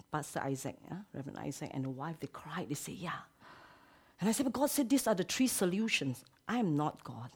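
A woman pastor preaching a sermon. She drops to hushed whispers, then rises to loud exclamations. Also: mid-range voice.

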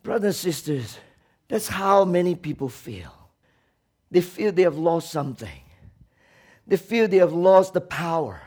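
A man preaching a sermon, swinging from loud, shouted lines to quiet, low passages and acting out laments with emotion. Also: animated, unhurried, pauses often, breathy edge. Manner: acts out quoted prayers and laments with emotion. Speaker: pastor.

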